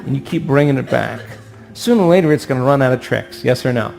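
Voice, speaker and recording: A man giving an animated motivational talk to an audience, acting out voices and asking for agreement. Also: medium pitch, fast, creaky, faint music behind. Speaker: speaker.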